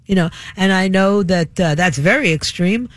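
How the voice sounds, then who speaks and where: A woman's voice: medium pitch, normal speed, dry recording. A woman hosting a talk radio show, delivering an opinionated, rambling monologue full of fillers and restarts.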